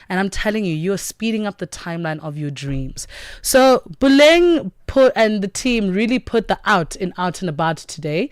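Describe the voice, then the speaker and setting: A woman's voice: medium pitch, lively intonation, normal speed, no room sound. A woman hosting a morning radio show, talking in an effusive, motivational way from the studio. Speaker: radio host.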